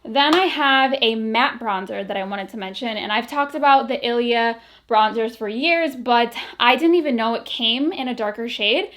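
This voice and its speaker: A woman's voice: on the high side, normal speed, fairly bright tone. A woman vlogging casually about beauty products, chatty and full of fillers, a little out of breath. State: a bit out of breath.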